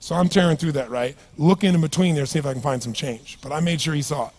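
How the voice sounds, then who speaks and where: A middle-aged man and seminar speaker, telling a personal story to a live audience in an animated, conversational way and asking them questions. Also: on the high side, fast.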